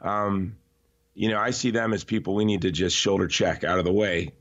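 A man talking as a podcast guest in an emphatic, animated way, often restarting his sentences. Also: low voice, moderate pace. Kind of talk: conversational podcast interview. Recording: slightly dull, lo-fi audio.

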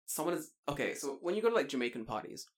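Brief: young British man, animated storyteller, highish voice that swings around a lot. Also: very fast. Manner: animated storytelling, laughs often, swears casually. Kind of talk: casual chat.

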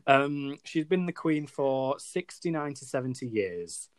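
A man's voice: mid-range voice, expressive, a little slow, no room sound. A British man hosting a casual chat, quizzing and teasing his co-host and laughing easily. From Britain. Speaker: podcast co-host.

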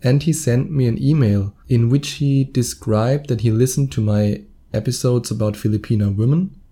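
A podcast host in his thirties with a German accent talks alone at normal speed. He has a very dark, mellow, mid-range voice and a chatty manner, often chuckling when he trips up.

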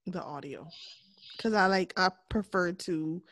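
A woman co-hosting a podcast in casual chat, candid and laughing often, sometimes dropping to a soft voice. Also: lowish voice, unhurried, no room sound. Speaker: podcast co-host.

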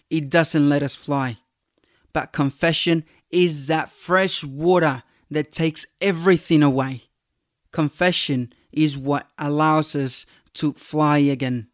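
A man's voice: a little high, steady tone, slow, dry recording, studio quality. Earnest man hosting a faith podcast. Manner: earnest, exhorting. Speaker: podcast host.

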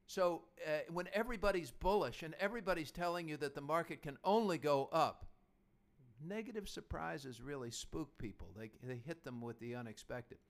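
A man in his fifties hosting a podcast, talking casually about investing in a chatty, anecdotal way. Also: medium pitch. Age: 50s. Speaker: podcast host.

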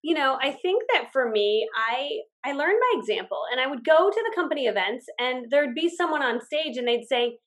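A woman being interviewed as a guest, telling stories in a casual, animated way. She acts out her own past dialogue, laughs often and talks in quick run-on stretches with many fillers. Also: high-pitched. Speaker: guest, business owner.

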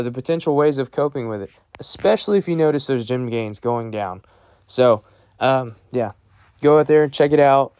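A man's voice: mid-range voice, a little mellow, smooth, no room sound, clean studio sound. A man hosting a podcast, giving a loose, rambling intro with lots of fillers. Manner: casual, rambling, many fillers. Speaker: podcast host.

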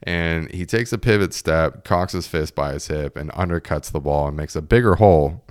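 A man's voice: extremely low pitch, moderate pace, clean tone, dry recording, studio quality. A young man in his twenties casually telling a story, laughing often and acting out what his friends said.

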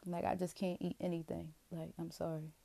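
Woman vlogger, low flat delivery, rambling and profane confessional. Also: brisk, creaky. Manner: rambling, profane, self-questioning. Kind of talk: candid confessional monologue.

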